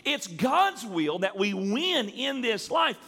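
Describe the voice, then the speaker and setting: Before a congregation in a reverberant sanctuary hall, a pastor preaches a sermon, building emphasis and stretching out key words. His very high-pitched voice is very animated, slow, bright, and forceful.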